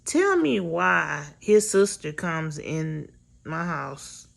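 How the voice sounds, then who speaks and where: Slow, gravelly woman telling a blunt story. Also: low voice, sing-song. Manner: candid, blunt, profane storytelling. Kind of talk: casual storytime vlog.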